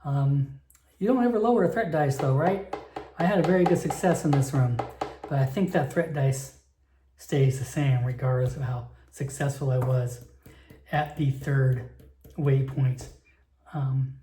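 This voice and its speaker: A man's voice: medium pitch, moderate pace, pauses often, dark tone, echoey room, slight background noise. Chatty man narrating a solo tabletop game. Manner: rambling, chatty, many fillers.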